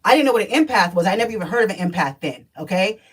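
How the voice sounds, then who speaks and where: A woman's voice: medium pitch, lively intonation, racing, breathy edge, recorded from a distance, poor audio. A woman, telling her life story in a blunt, profane, emphatic vlog as a spiritual energy reader.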